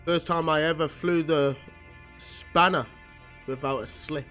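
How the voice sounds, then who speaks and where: A man's voice: fairly high pitch, fairly even intonation, measured pace, fairly bright tone, faint music behind. Confident young flyer, read by a man; polite, a little cocky. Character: proud confident young male winged flyer.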